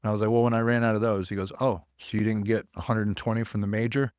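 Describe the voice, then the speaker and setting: An American army veteran, guesting on a podcast, tells his story bluntly and candidly, swearing plenty and acting out the voices he quotes. His voice is fairly low and darkish, with little pitch movement and a quick pace. The studio-quality recording has no room sound.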